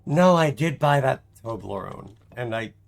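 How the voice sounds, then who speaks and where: A man's voice: medium pitch, lively intonation, a little slow, creaky. A man streaming a game live, chatting casually in a rambling, self-mocking way and laughing often.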